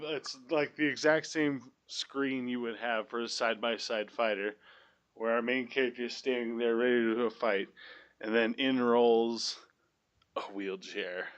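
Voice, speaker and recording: A man's voice: mid-range voice, steady tone, unhurried. A man hosting a casual movie podcast, blunt and profane, cracking jokes as he retells the plot. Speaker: podcast host.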